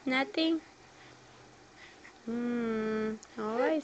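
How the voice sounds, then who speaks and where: A woman, the mother, coaxing her baby in slow, drawn-out baby talk on a home video. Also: a little high, animated, a bit bright. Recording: dull lo-fi home video with background noise.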